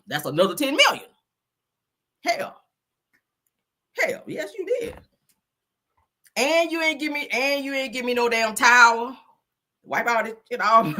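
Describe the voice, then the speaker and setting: A woman hosting a live-stream, giving casual gossip commentary with profane, animated talk and frequent laughter. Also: medium pitch.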